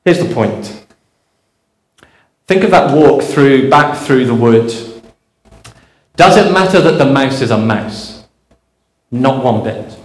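A man's voice: medium pitch, unhurried, echoey room, rough recording. A man preaching a sermon, earnest and storytelling, asking rhetorical questions.

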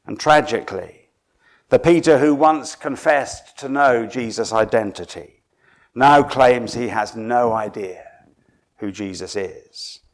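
Preaching slowly in a mid-range voice, this Englishman from Suffolk tells his sermon like a dramatic story, dropping to near-whispers and then building back up to drive points home.

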